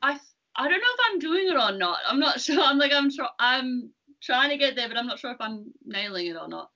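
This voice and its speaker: A woman's voice: high-pitched, lively intonation, fairly quick, sharp tone, distant mic, muffled recording. A woman taking a singing lesson, talking in a hesitant, unsure way with restarts. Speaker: singing student.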